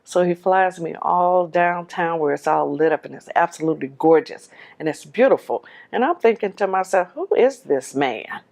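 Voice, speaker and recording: A woman telling her own life story in a lively, animated way, acting out the voices in the dialogue she recounts. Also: fairly low pitch, normal speed, creaky. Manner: laughs while telling. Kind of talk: personal storytelling.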